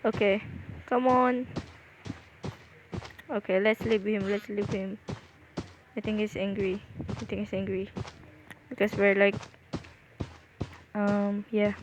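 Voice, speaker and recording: Unhurried woman with a Filipino accent. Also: medium pitch, little pitch movement, noisy background. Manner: rambling, repeats herself, restarts often. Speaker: gaming video creator. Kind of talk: casual game commentary.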